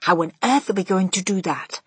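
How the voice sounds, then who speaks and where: A woman voicing a calm, dignified old grandmother who speaks softly and measuredly. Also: mid-range voice, husky, dry recording. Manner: soft, gentle, measured.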